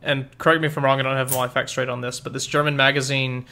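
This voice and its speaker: A man co-hosting a casual podcast, speaking in a measured, agreeable way and hedging his points. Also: medium pitch, little pitch movement, gravelly, pushed and bright. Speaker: podcast co-host. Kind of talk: casual chat.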